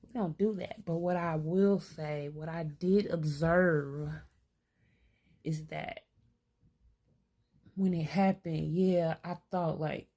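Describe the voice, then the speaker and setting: Blunt, low-voiced older woman thinking aloud. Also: fairly even intonation, slow pace, pauses often, mellow. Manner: blunt, streetwise, talks to herself aloud; swears freely. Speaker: vlogger. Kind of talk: candid self-reflective monologue.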